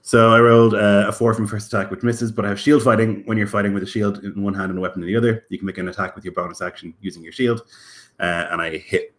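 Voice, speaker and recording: A man's voice: on the low side, fairly even intonation, fast talker. A man playing a tabletop game, casually describing his character's moves and dice rolls. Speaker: player.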